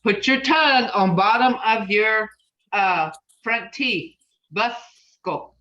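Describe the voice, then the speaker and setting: Woman language teacher going real slow, repeats words for the class, roomy echoey room, kinda muffled. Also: mid-range voice, sharp tone, far from the mic, slight background noise. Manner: patient, repeats words slowly for students to copy. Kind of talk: recorded online language class.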